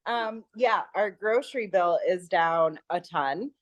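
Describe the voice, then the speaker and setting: Brief: lower-voiced woman, eager and chatty, dry video-call audio. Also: slow, no echo. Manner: enthusiastic, chatty, lots of fillers and laughs. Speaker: guest sharing her product story. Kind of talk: casual chat on a video call.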